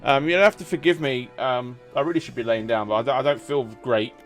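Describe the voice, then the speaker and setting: A man's voice: medium pitch, brisk, faint music behind. Rambling man narrating a game with a cold. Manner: rambling, chatty, self-restarting. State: has a cold. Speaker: gaming YouTuber. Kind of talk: casual let's-play commentary.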